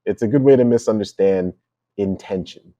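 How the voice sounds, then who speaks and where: Low-voiced man musing on a podcast. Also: expressive, moderate pace, dull audio, faint music behind. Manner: reflective, rambling with fillers. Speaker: podcast co-host. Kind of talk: casual podcast talk.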